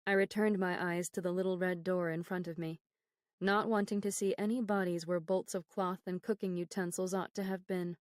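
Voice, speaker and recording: A woman reading a horror novel aloud as an audiobook narrator, in a measured, grave storytelling manner, recorded on a close studio mic. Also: on the low side, fairly even intonation, no echo. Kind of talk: scripted narration.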